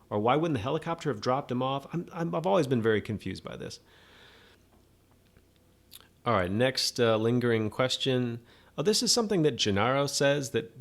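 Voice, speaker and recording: A man hosting a podcast, speaking casually and posing one incredulous question after another. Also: medium pitch. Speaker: podcast host.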